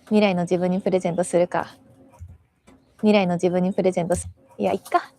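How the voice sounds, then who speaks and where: A woman's voice: on the low side, little pitch movement, very fast, warm tone. A woman from Japan narrating a travel vlog, chatty and musing aloud to herself. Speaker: travel vlogger.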